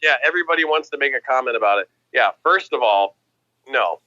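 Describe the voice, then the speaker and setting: An American man chatting casually on a stream, animated and quoting others in put-on voices. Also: medium pitch, a little fast, dry recording, lo-fi sound. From United States. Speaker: guest streamer. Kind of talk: casual chat.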